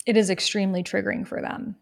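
A woman's voice: medium pitch, fast talker, gravelly. A young adult woman, a guest in an interview, telling her life story in an earnest, reflective way and briefly acting out other people's words. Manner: earnest, reflective, animated when quoting others. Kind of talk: personal storytelling in conversation.

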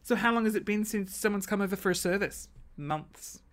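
A young Australian woman telling comic stories on her live stream. She acts out quoted lines in sudden high voices. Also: fairly quick. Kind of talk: comedic storytelling.

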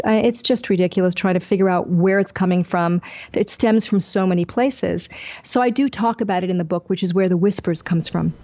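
Mellow-voiced older woman telling her story. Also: mid-range voice, lo-fi sound. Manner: animated, acts out quoted dialogue. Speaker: author guest. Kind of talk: candid interview storytelling.

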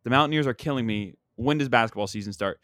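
A man's voice: medium pitch, quick pace, a bit bright, no echo. Casting: young comic, male, rambling exasperated rant, dry close mic. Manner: exasperated, rambling, self-deprecating. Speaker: comedian. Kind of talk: casual sports rant.

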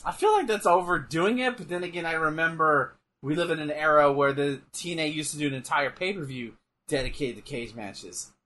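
A man chatting casually and joking while watching wrestling, excitable and quick to laugh. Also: on the high side. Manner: jokey, excitable, bursts into loud laughs. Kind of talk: casual watch-along chat.

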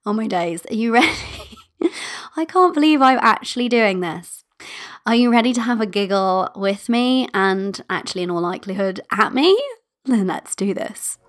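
A woman's voice: medium pitch, lively intonation, normal speed. Bubbly woman podcast host. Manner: bubbly, playful, giggly, affectionate. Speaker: podcast host and manifestation coach. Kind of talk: casual solo podcast chat.

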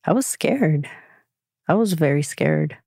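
A woman's voice: deep voice, expressive, slow, gravelly, darkish tone, husky, no echo. A woman, reflecting on her past in an emotional personal story, close to tears at times. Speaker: guest, younger sister.

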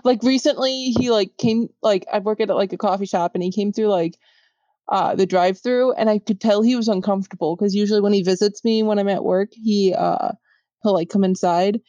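A woman's voice: mid-range voice, brisk, dark tone, no echo, muffled recording. Young woman chatting, full of "like". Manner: chatty, fills with "like". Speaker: guest. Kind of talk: casual chat.

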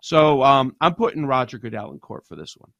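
A man's voice: medium pitch, big pitch swings, brisk, vocal fry, fairly bright tone, no echo, muffled recording. A man ranting indignantly about sports betting in casual talk-show chat.

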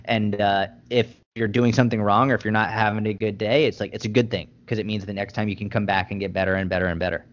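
Male guest, low voice, earnest, many fillers, lo-fi sound. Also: flat delivery, fast, hardly any pauses. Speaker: guest, fitness and nutrition coach. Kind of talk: casual podcast chat. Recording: dull lo-fi podcast audio.

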